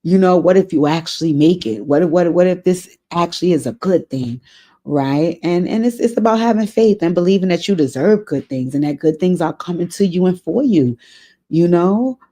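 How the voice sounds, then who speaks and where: A woman's voice: on the low side, animated, normal speed, dark tone. A woman hosting an advice vlog, talking earnestly to a letter writer, often repeating her key phrases and getting emotional. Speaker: advice show host.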